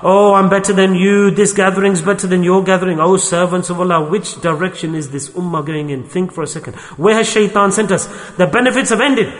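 Recorded with long hall reverb, a man with a high voice and fairly bright tone preaches earnestly. His sermon relies on storytelling to make its points and is thick with religious terminology.

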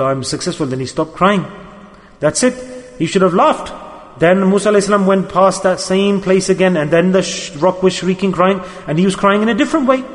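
A man preaching a sermon with emotive storytelling, repeating his key words. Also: high-pitched. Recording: long hall reverb.

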